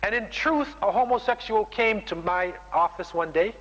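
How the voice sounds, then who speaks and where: Emphatic male preacher, bright forceful tone, reverberant hall. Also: high-pitched, normal speed. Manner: emphatic, keeps tagging sentences with "man". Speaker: Muslim preacher. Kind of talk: sermon.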